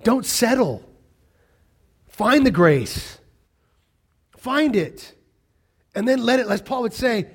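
A middle-aged man preaching a sermon, animated and acting out the voices of the people he quotes. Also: extremely high pitch, takes it slowly, long pauses, breathy edge. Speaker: pastor.

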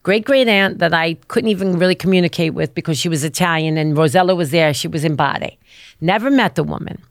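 A woman's voice: on the low side, brisk, dry recording, studio quality. A woman chatting casually, telling rambling stories full of fillers and restarts and acting out what people said. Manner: animated, acts out quoted voices. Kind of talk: casual chat.

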